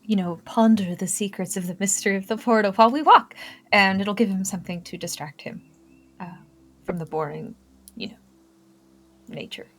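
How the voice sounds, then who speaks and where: A woman chats and jokes as her tabletop character, speaking in an easy, conversational voice of middling pitch. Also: normal speed, long pauses. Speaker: tabletop game player. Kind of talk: casual in-character chat.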